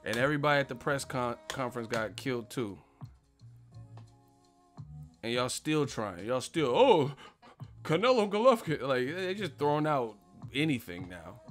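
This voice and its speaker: A man's voice: medium pitch, expressive, normal speed, pauses often, fairly bright tone. A man hosts a boxing live stream, swearing freely as he mocks and roasts commenters. His delivery is brash and confrontational. Faint music runs underneath. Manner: brash, profane, mocking and trash-talking. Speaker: boxing channel host answering live chat. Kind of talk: live stream commentary, reading chat questions.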